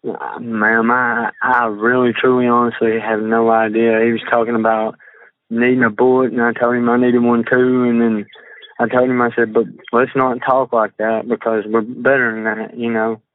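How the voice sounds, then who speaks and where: A man, talking haltingly on a phone call and reading out text messages, with many fillers and restarts. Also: mid-range voice, level tone. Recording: tinny phone line, dry.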